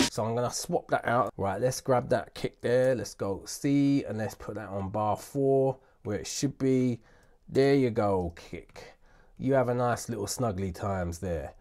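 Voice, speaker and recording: A man's voice: mid-range voice, darkish tone. Slangy British man, every line ends in "bruv". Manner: slangy and jokey, "bruv" after nearly every sentence; mutters grumbling asides under his breath. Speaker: music production tutor. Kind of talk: casual screen-recorded tutorial.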